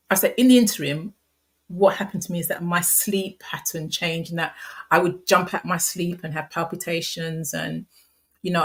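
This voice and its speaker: Low-voiced woman telling a painful story. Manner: soft, halting, frequent restarts and fillers. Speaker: guest sharing a personal story. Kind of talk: candid personal storytelling.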